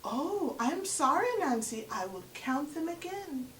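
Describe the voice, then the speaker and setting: A woman doing a gentle, polite dove lady. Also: high-pitched, sing-song, a little slow, exaggerated voice. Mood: apologetic. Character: kind, polite female dove. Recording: roomy echo from far off.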